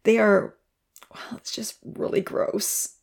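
A woman's voice: medium pitch, level tone, pitched above the performer's own voice. A woman voicing a whispering anxious boy. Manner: slow, breathy, whispered. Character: upset, anxious young boy.

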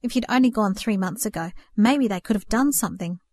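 A woman's voice: mid-range voice, lively intonation, brisk, a little mellow, lightly acted. A woman voicing a stormy grieving young man. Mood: angry grief. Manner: stormy, pleading, breaking into sobs.

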